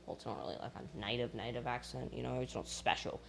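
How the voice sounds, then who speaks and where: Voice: mid-range voice, fairly even intonation, fast talker, vocal fry, fairly bright tone, a little hiss or hum. A speaker from Australia, talking with an American accent in a casual rambling monologue, self-mocking and full of asides. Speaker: vlogger.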